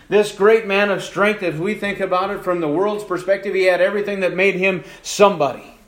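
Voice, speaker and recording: Male pastor, sermon, high-pitched, hushed-to-raised delivery, drawn-out emphasis, roomy church echo. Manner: preaching with wide swings between hushed and raised passages, slowing for emphasis. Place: church sanctuary. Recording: echoey church room.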